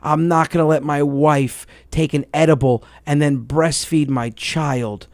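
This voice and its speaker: A man, hosting a comedic podcast and rambling in an animated way, repeating words when excited. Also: fairly high pitch, measured pace, no echo. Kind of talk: casual comedic chat with a caller.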